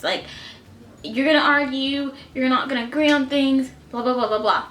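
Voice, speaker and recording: A young woman in her twenties telling a personal story to camera, shaky and close to tears, halting with many fillers. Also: high voice, fairly bright tone, reverberant, slight background noise. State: on the verge of tears. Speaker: vlogger. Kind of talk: emotional storytime vlog. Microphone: camera mic at close range.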